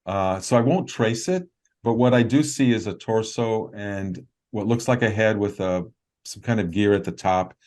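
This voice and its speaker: Low-voiced man telling a long story. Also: a little mellow. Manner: earnest, halting with fillers and restarts. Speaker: guest. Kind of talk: storytelling in a video interview.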